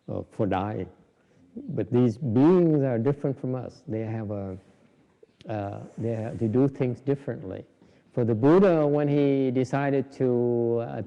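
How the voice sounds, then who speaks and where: A medium-pitched, dark-toned man, a Buddhist meditation teacher, gives a casual, joking dharma talk about meditation with frequent restarts. The recording is dull and lo-fi, made in a reverberant hall.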